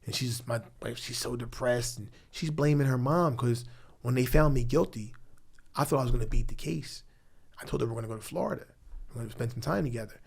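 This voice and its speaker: A middle-aged man from Philadelphia talks candidly in a studio interview. His voice sits at an ordinary pitch, and he speaks bluntly and profanely. He swings from raised, heated outbursts to low, hushed reflection. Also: brisk, creaky, slightly rough. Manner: blunt, profane, emotional; grows loud when angry, drops low and quiet when tender. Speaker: podcast guest. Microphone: studio mic.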